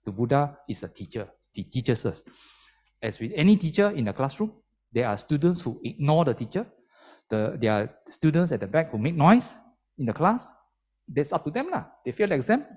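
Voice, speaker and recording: A man's voice: fairly high pitch, very animated, normal speed, a little mellow. A man giving a Buddhist sermon as a lay speaker, emphatic and explaining step by step.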